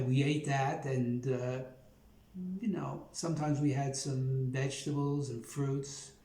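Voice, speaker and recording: An older man in his seventies with a Brooklyn accent tells his story in a rambling, folksy way, with plenty of "uh" and "you know". His voice is mellow and warm at an average pitch. A roomy echo surrounds him. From Brooklyn, New York. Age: 70s. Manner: rambling, folksy, with many fillers. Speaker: YouTube host. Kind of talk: personal storytelling.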